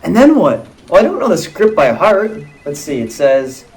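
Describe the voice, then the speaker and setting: Deadpan man pitching a script. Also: moderate pace, slight background noise. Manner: deadpan, matter-of-fact, mildly exasperated. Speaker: screenwriter in a sketch. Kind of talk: comedy sketch dialogue.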